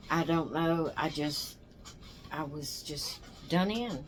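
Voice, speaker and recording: Older female vlogger, exhausted and rambling, slightly low pitch, faint background noise. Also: slow pace. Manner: rambling, tired, yawning. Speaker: doll channel host. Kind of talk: casual chat to camera.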